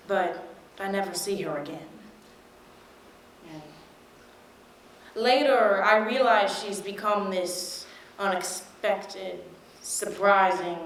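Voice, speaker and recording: Young woman telling a frank, wry memory, slowly. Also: mid-range voice, slight background noise. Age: young adult. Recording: echoey room.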